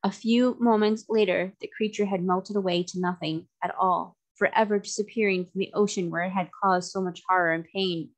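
A woman narrating a classic children's novel aloud, in a steady storytelling manner. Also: medium pitch, normal speed, few pauses.

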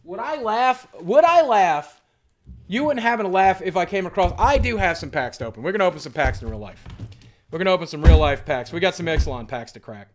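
A man's voice: sits high, expressive, fast talker, a little hiss or hum. A man streaming live, chatting casually and rambling as he thanks viewers.

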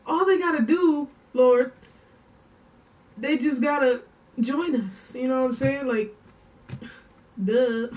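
Slow, emotional woman vlogging off-mic. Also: fairly high pitch, darkish tone, distant mic. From San Diego. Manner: slow, emotional and rambling, with many fillers. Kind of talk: casual vlog talk to camera.

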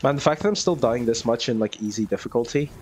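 A man's voice: medium pitch, expressive, fast talker, darkish tone. Chatty guy gaming. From Australia. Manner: chatty, laughs often, self-mocking. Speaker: gaming youtuber. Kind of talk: casual let's-play commentary.

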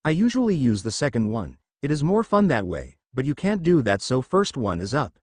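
A man's voice: mid-range voice, big pitch swings, normal speed, a little mellow, dry recording, studio quality. A man voicing a bossy kaiju king. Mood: teasing. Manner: bossy, teasing. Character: gruff ancient male kaiju king, mocking.

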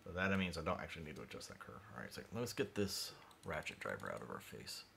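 A man livestreaming his CAD design work, thinking aloud in a mumbly way that drifts quieter as he concentrates. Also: extremely low pitch, sing-song, fast, creaky, a little hiss or hum.

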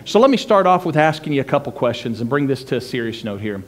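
A man's voice: mid-range voice, very animated, fast. A male pastor giving a sermon in a church, earnest and conversational with frequent fillers.

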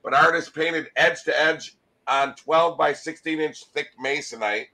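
Bright, enthusiastic male art dealer. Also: a little high, unhurried, rough recording. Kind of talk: sales pitch.

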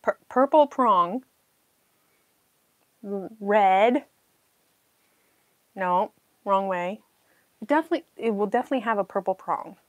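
A woman's voice: medium pitch, measured pace, pauses often, a little mellow, no echo. A woman hosting a casual live-stream puzzle chat, talking to herself as she searches and laughing often. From New Zealand. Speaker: puzzle channel host.

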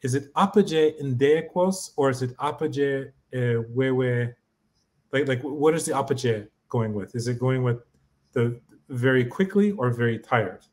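A man learning in a casual chat, halting as he guesses meanings aloud and asks for phrases to be repeated. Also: mid-range voice, darkish tone. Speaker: co-host and learner.

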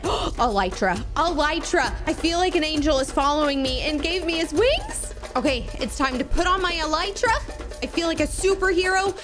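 A woman hosting a Minecraft video with excited, playful commentary, gasping and shrieking often. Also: high-pitched. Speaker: gaming YouTuber host.

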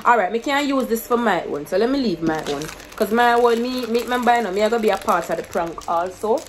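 A woman's voice: on the high side, lively intonation, brisk, slight background noise, poor audio. Chatty Jamaican woman vlogging. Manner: chatty, mixes English with patois, laughs often. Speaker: YouTuber. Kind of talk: casual vlog chat to camera.

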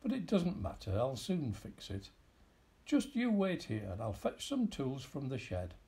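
A man's voice: mid-range voice, wildly swooping pitch, measured pace, mellow, voice pushed up. Man reading as a grumbling old farmer. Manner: grumbling, muttering. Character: fussy old male farmer, absent-minded and grumbling.

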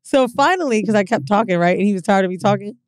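Quick-paced and mid-range, a young podcast co-host speaks on an echo-free recording. She shares a candid story in casual conversation, lively in her delivery and performing what people said.

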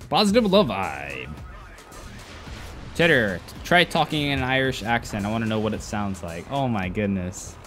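A man's voice: lowish voice, a little fast, few pauses, a bit bright. An American man casually chatting with viewers while livestreaming a game. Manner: laid-back, chatty, reads chat aloud. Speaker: game streamer. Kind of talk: casual gaming livestream chat. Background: game music.

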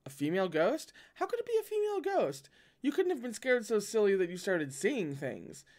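A man's voice: high-pitched, sing-song, normal speed, darkish tone, pitched above the performer's own voice. A man reading the lines of a brash, easily spooked young man in a story, raised above his own voice. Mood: incredulous.

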